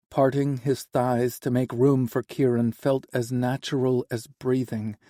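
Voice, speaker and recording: A male audiobook narrator with a warm, mellow voice reads a novel in an even, unhurried way. The sound is dry and close, with no room echo. His pitch sits in an ordinary middle range. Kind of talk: scripted narration.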